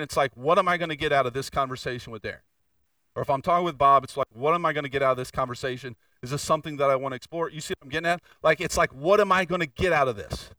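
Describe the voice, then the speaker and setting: A man preaching a sermon as pastor in a church, moving between fervent, raised passages and quieter, confessional asides. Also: a little high, dry recording, recorded from a distance, rough recording. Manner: preaching with rising intensity and candid confession. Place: church sanctuary.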